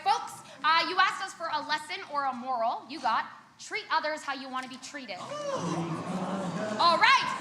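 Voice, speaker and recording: A woman's voice: extremely high pitch, heavy background noise. A woman hosting a live improv competition, announcing events in an upbeat way. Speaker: emcee. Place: theatre stage. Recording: echoey hall, loud crowd.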